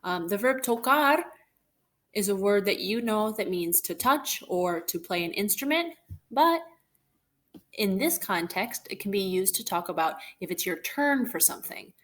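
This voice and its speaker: A woman's voice: medium pitch, animated, normal speed. A woman teaching Spanish, narrating a recorded lesson over slides and patiently explaining example phrases in English and Spanish.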